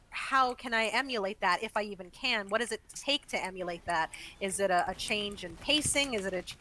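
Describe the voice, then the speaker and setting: Woman, voice actor guest, bright tone, animated casual chat, faint background hiss. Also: mid-range voice, rough recording. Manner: animated, laughs often, talks in long flowing explanations. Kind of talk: casual interview chat while gaming.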